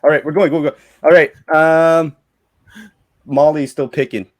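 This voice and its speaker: Quick-talking man hosting a quiz game. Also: on the high side, level tone. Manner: quick, counts down, swears freely. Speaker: host running a lyrics quiz. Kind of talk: casual game chat.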